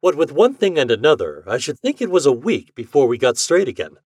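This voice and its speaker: A man reading a story aloud as a podcast narrator, with an expressive reading style. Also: fairly high pitch, a little fast, breathy edge, no room sound, clean studio sound. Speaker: podcast reader.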